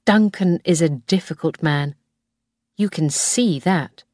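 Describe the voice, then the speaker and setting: A woman's voice: low voice, slow pace, darkish tone, no room sound, clean studio sound. A woman voicing a friendly young aunt who teaches, in a storybook reading. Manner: friendly and eager.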